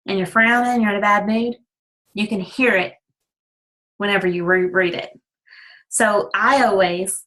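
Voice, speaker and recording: A woman's voice: mid-range voice, a bit bright, low-quality recording. A woman team leader giving a folksy, encouraging motivational talk, candid and self-deprecating, often checking in with "okay?".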